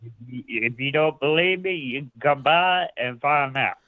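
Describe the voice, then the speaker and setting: A man's voice: mid-range voice, moderate pace, dry recording. A man on a phone call, hesitant and insistent, full of fillers. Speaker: caller. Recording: tinny phone line.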